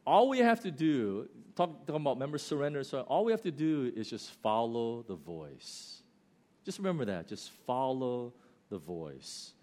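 A man with an American accent preaching a sermon, telling stories with loud bursts and slow, quiet emphasis. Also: medium pitch. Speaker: pastor.

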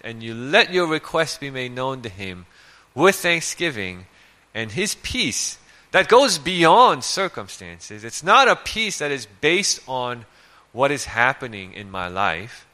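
Lively, bright-voiced male preacher. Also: mid-range voice. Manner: conversational, asks rhetorical questions, reads scripture. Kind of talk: sermon.

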